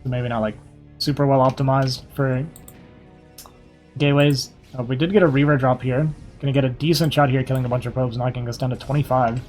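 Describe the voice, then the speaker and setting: A young man giving casual, quick play-by-play commentary on a strategy game match, a little hoarse and thinking aloud as he goes. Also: medium pitch, little pitch movement, darkish tone, faint music behind. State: slightly hoarse, losing his voice. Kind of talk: live esports play-by-play commentary.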